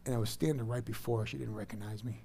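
A pastor in his thirties preaching a sermon, dropping to a soft, low voice and rising to loud, emphatic bursts. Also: steady tone, rapid-fire, creaky, slight background noise.

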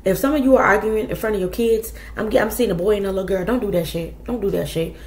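A woman's voice: medium pitch, fast talker, darkish tone, echoey room. A woman giving a casual tarot reading, talking bluntly and chattily to her viewers with plenty of profanity. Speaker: tarot reader.

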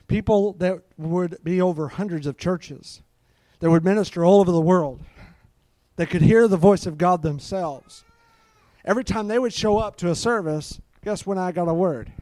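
A man's voice: fairly high pitch, dark tone, no room sound. A middle-aged man preaching a live sermon, fervent and peppered with hallelujahs.

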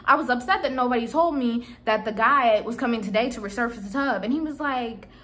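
A young woman in her twenties casually retelling a story to her viewers, animated and exasperated, acting out the dialogue. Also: fairly high pitch, fairly quick. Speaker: vlogger telling a storytime.

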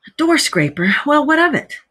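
A woman voicing a fussy, put-upon male mole in a read-aloud storybook, with plaintive, high complaints. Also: very animated, moderate pace, fairly bright tone, dry recording. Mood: puzzled.

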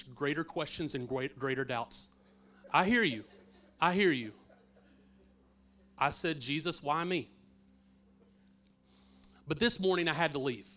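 A middle-aged pastor telling a personal faith story in a sermon, earnest and swinging from hushed to emphatic. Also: male voice, on the high side.

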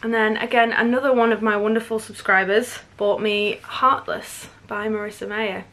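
Girl in her twenties gushing about her book haul, chatty and excited. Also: medium pitch, normal speed. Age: 20s. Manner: gushing and enthusiastic, chatty fillers. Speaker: book vlogger. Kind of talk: casual book haul vlog.

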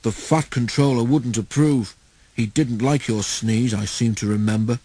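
A man's voice: mid-range voice, fairly even intonation, normal speed, mellow, slightly rough, lightly acted. A man voicing a proud, dignified male steam engine who complains a lot. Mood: sulky, dignified.

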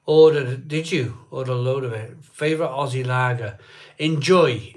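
A man's voice: medium pitch, moderate pace. Chatty man hosting a beer livestream. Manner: chatty, rambling, greets viewers by name. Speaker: live stream host. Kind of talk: casual chat reading live comments. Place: home, drinking beer on a live stream.

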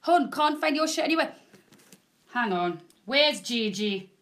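A bubbly, loud woman in her forties hosting a live selling show. Her voice sits high for a woman, and she chats fast and warmly with viewers as she pitches products. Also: lively intonation. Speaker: shopping channel presenter. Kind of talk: live selling stream, chatty. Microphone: proper microphone.

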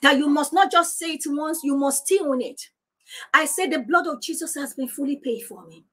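A woman's voice: high voice, moderate pace, fairly bright tone. A woman pastor preaching on divine healing, insistent and repeating declarations, praying aloud. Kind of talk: sermon teaching on divine healing.

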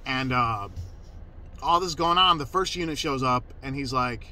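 A man's voice: mid-range voice, unhurried, sharp tone, a little hiss or hum, low-quality recording. A man telling a personal story in a casual, emphatic way, cursing freely and restarting his sentences. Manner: profane, emphatic, self-interrupting.

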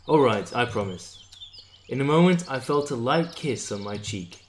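A man reading a visual novel game aloud, playing every part himself in an animated way. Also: mid-range voice, normal speed. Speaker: let's play narrator.

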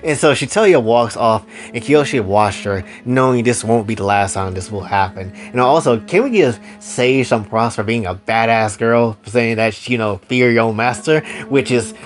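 A man's voice: medium pitch, normal speed, hardly any pauses, soft background music. A man casually retelling a story in a loose, slangy way.

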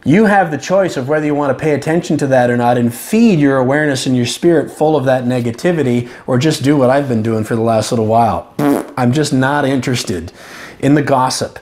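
A man giving calm, earnest, reflective advice to camera as a self-help vlogger, with slow emphatic phrases. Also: medium pitch. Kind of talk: casual reflective talk to camera.

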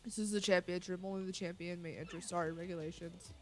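Woman putting on a gruff, low male guard. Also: fairly even intonation, quick pace, a little mellow, faint music behind, lightly acted. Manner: curt, calls everyone bub.

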